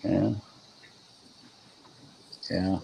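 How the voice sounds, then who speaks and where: A man's voice: low-pitched, little pitch movement, drawn-out words, gravelly, dark tone, husky, poor audio. A man from Minnesota chatting casually as host, modest and self-deprecating, with a rambling way of talking. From Minnesota, USA. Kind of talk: casual chat.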